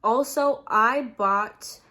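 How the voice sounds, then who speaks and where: A young woman in college, chatting casually to camera as a vlogger while eating, relaxed and rambling with many fillers. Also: fairly high pitch, very slow. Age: young adult. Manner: relaxed, rambling, lots of "like" and "you know".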